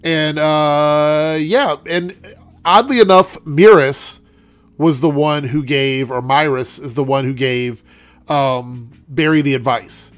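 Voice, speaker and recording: A man's voice: on the high side, takes it slowly, dry recording. A young man with a congested, nasal voice giving a chatty, rambling TV review full of fillers. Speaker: TV show reviewer. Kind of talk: casual rant and review.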